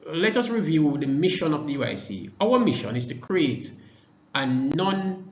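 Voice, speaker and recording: A man from Jamaica giving a political presentation to supporters, measured and emphatic, stressing key words with deliberate pauses. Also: on the high side, sing-song, darkish tone. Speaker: party vice president speaking to supporters. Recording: echoey, dull lo-fi sound.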